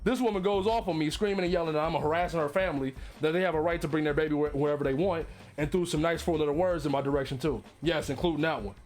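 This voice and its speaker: A man reading online stories aloud, breaking off to riff and laugh loudly with lots of swearing. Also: fairly high pitch, quick pace. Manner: loud laughter and profane riffing between readings. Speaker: streamer reacting to stories.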